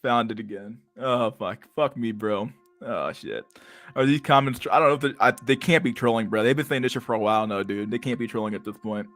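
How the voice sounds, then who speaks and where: A young man hosting a livestream, ranting casually with heavy swearing and loud bursts of laughter. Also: mid-range voice, fairly quick, no room sound, soft background music. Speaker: livestream host.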